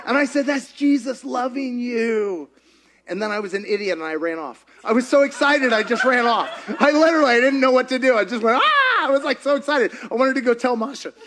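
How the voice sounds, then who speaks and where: Animated high-voiced male preacher. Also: fast talker, few pauses, slight background noise. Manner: animated, chatty, laughs often. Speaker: pastor. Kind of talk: sermon with storytelling.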